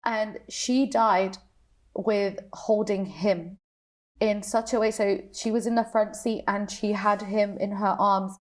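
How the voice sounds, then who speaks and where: A young woman on a panel, sharing a personal story of grief in a halting, emotional way with many restarts. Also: medium pitch, steady tone. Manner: emotional, halting, repeats herself. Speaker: panel guest.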